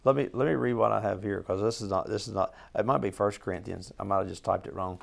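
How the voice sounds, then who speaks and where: A man's voice: lowish voice, steady tone, fast talker, vocal fry. A man leading an informal Bible study with a small group. He is earnest and emphatic, often quizzes the listeners and restarts his sentences as he goes. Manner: conversational, asks the group questions, frequent restarts.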